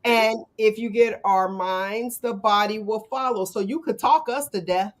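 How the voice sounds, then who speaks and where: A woman hosting a casual chat show, telling stories in an animated, slangy way. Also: mid-range voice, measured pace. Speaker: host.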